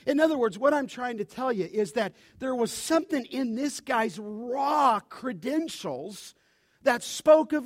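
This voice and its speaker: A man preaching a sermon as pastor, animated, often asking his listeners to finish his sentences. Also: extremely high pitch, no echo, clean studio sound. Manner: animated preaching, asks the congregation to fill in words.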